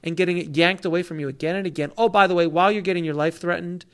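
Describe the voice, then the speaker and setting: A man in his thirties tells a long personal story as a guest on a talk show. He speaks a bit higher than most men and animates his quotes with different voices. His delivery is casual and full of restarts. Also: steady tone, very fast, fairly bright tone. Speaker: author guest.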